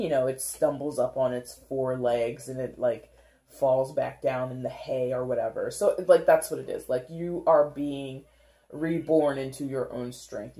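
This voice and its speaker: A woman's voice: a bass voice, mellow. A woman giving a casual tarot reading, rambling and chatty, with many fillers and frequent giggles. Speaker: tarot reader.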